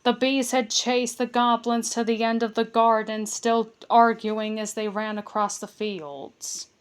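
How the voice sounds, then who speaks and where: A woman reading a children's book aloud, careful and steady, with small stumbles and restarts. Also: fairly high pitch, measured pace, clear, resonant tone. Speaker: storybook reader.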